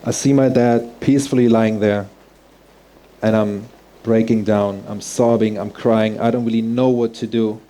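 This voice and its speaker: A man's voice: fairly low pitch, steady tone, moderate pace, mellow. A man telling a personal story on stage, earnest and heartfelt, in vivid present tense. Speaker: speaker.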